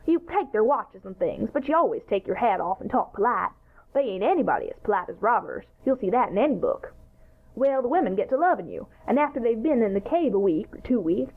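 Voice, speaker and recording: A woman voicing an eager, bossy boy ringleader in a radio-style drama, talking in an excited, boastful way. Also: medium pitch. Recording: tinny phone-like sound.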